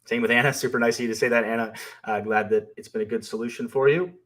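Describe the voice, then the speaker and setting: A man's voice: medium pitch, steady tone, quick pace, a bit bright. A man co-hosting a live stream, reading viewer questions aloud and answering them in a thoughtful, hesitant way with many fillers. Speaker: co-host and company founder.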